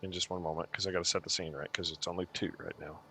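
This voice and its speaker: A man's voice: deep voice, little pitch movement, quick pace, vocal fry, sharp tone. A young man narrating a tabletop game as game master, rambling with many fillers.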